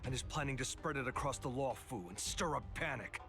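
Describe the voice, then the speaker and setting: An actor playing a battered, loyal soldier in a video game, reporting gravely and earnestly. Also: male voice, a little fast, close to an everyday voice. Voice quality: gravelly, low. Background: game music.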